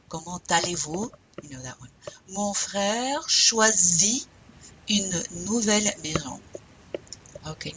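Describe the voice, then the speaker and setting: A woman teaching a French class, slowly modelling phrases and pronunciation for students to repeat. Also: fairly low pitch, pushed and bright, slight background noise, poor audio. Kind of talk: classroom language lesson.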